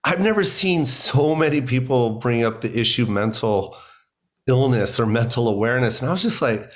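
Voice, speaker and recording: A man's voice: mid-range voice, moderate pace. A middle-aged American man, a comedian being interviewed, talking emphatically and animatedly with many "you know"s. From United States. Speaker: guest comedian. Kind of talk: conversational interview.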